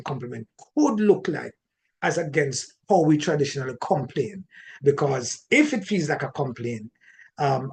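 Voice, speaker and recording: A man with a Jamaican accent giving an animated teaching talk on marriage, often repeating words and restarting his sentences. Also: medium pitch. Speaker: relationship teacher.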